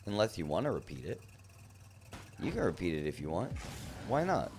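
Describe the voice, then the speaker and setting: A man's voice: low voice, big pitch swings, normal speed, darkish tone, a little hiss or hum. A man casually commentating his own gameplay on a live stream, playfully teasing his chat. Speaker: gaming streamer.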